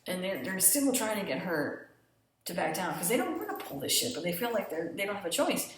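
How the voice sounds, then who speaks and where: A woman casually recapping a TV episode, animated, blunt and full of swearing. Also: fairly low pitch, brisk. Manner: animated retelling, profane and blunt. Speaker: TV show reviewer. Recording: very echoey room, distant mic.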